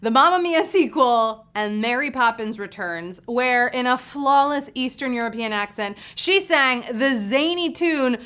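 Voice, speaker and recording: A woman's voice: high-pitched, expressive, unhurried, hardly any pauses, a bit bright, clean tone. A woman hosting a live trivia game show, reading questions with playful, teasing, chatty asides.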